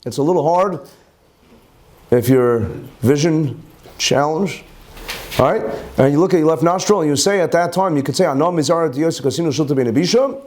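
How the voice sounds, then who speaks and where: A man who is a rabbi, teaching a Talmud class and explaining each term twice, with Hebrew and Yiddish words mixed in and lively rhetorical questions. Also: on the high side, normal speed.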